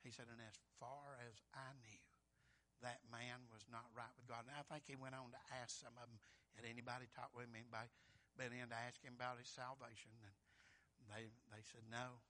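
A man preaching a sermon, swinging from loud pleading to hushed whispers, repeating words in a folksy way. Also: medium pitch, flat delivery, brisk.

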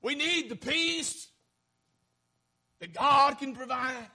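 Male preacher, very high voice, sharp bright tone, fervent sermon. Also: slow. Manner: fervent preaching that swings from shouts to near-murmurs.

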